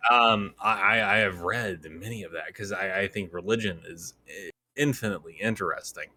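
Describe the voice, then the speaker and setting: A man co-hosting a podcast, chatting casually in an animated way and swearing freely. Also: fairly low pitch, normal speed. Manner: animated and profane. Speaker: podcast co-host. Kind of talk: casual chat.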